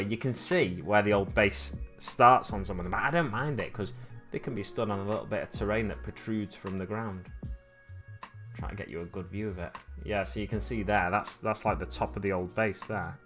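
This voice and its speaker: A man's voice: fairly low pitch, expressive, fairly quick, faint music behind. A young Englishman from Oxfordshire, chatting casually on a live stream while painting miniatures, rambling and laughing as he answers viewers. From Oxfordshire, England. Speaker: hobby streamer.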